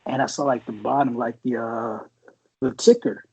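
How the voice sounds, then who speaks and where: Man in his 40s, husky voice, rambling, swears a lot, dull lo-fi podcast sound. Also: mid-range voice, fairly even intonation, normal speed, darkish tone. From San Francisco Bay Area. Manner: profane and rambling, full of fillers and restarts. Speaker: podcast co-host, Marine veteran. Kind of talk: casual storytelling chat.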